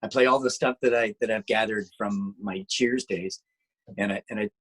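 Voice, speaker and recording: Husky-voiced man chatting loosely. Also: on the low side, steady tone, moderate pace, a bit bright, poor audio. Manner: rambling, with many restarts and fillers. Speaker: guest musician and internet radio DJ. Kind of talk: casual interview chat.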